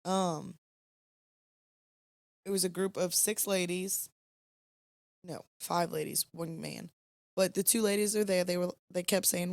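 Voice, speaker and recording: A woman's voice: fairly low pitch, fairly even intonation, a little slow, gravelly, pauses often, no room sound, clean studio sound. A young woman, co-hosting a podcast, telling a rambling story late at night, tired and yawning. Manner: chatty, rambling storyteller with fillers. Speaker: podcast co-host.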